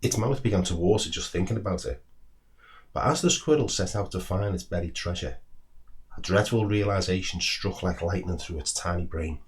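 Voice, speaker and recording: Children's book narrator, male, very low voice, expressive read-aloud. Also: normal speed. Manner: expressive, storytelling delivery.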